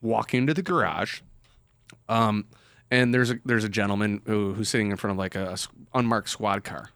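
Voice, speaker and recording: Man, podcast host, animated storyteller, dry close sound. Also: fairly low pitch, moderate pace, vocal fry, clean tone, no room sound. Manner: animated, acts out voices in anecdotes. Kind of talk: casual storytelling chat.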